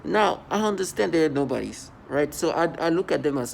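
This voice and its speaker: Defiant, scornful man with a gravelly voice. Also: on the high side, expressive, brisk, hardly any pauses, a little hiss or hum. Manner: defiant, scornful, repeats and restarts words. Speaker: vlogger. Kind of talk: angry personal monologue to camera. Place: at home indoors.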